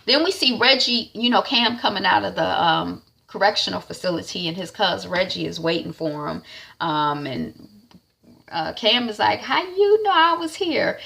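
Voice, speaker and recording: A woman's voice: fairly low pitch, moderate pace, vocal fry, sharp tone, slight background noise. A woman giving a casual, chatty recap of a TV episode, with lots of fillers. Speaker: TV recap vlogger.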